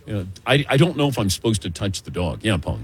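An older man hosting a casual sports talk show, telling animated stories and laughing often. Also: lowish voice, fast talker, slight background noise. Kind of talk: casual sports radio chat.

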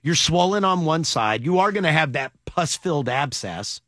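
Upbeat male morning radio host, bright, animated pitch, dry studio sound. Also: no echo. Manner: animated, joking, quick to laugh. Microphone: studio mic.

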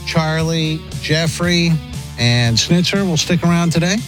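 A man's voice: a little high, measured pace, music in the background. A man hosting a morning radio show, chatting casually and acting out what people in a video say. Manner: animated, acts out what players say. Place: studio.

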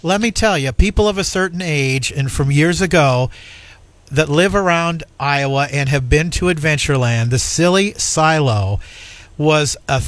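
A man's voice: on the high side, normal speed, a bit bright, no room sound. A man co-hosting a morning show, telling a story in an earnest, emphatic way. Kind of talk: casual chat.

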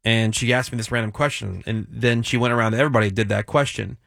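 A man's voice: medium pitch, vocal fry, no echo. Chatty male radio host, dry studio sound. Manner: relaxed, chatty, quick asides. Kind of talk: casual morning radio chat. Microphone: studio microphone.

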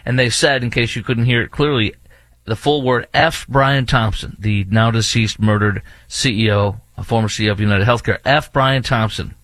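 A man's voice: lowish voice, steady tone, a little fast, fairly bright tone, no room sound. A man hosting an opinionated commentary monologue, indignant and repetitive, with many fillers and restarts. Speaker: political commentary host.

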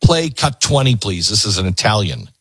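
A male talk show host comments on clips with an emphatic, preachy delivery. His pitch swings widely, and the voice is bright with a husky edge. The sound is dry and close. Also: sing-song, normal speed, no echo.

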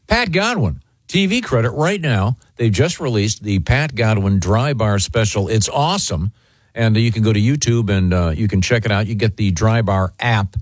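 A male radio host with a husky edge and a lively, up-and-down delivery. He teases his co-hosts and laughs easily, and the dry, close sound keeps every word near. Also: on the low side, moderate pace, no room sound. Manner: laughing, teasing, stumbling restarts. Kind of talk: casual morning show banter.

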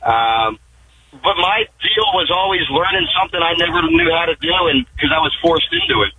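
Gravelly, lively man, hesitant guest. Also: sits high, brisk, slight background noise, rough recording. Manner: hesitant, many ums, then eager. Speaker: guest, trainee. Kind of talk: casual interview.

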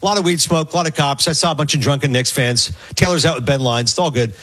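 A man telling a long sports story as co-host on a radio talk show, animated and rambling, acting out quotes. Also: on the high side, fast talker, husky. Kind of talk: casual storytelling chat.

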